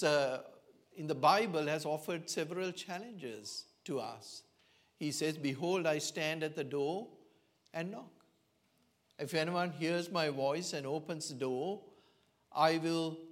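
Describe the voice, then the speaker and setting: A man preaching a sermon in church, telling a Bible story slowly and earnestly, with frequent pauses and fillers. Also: a little high, a bit bright.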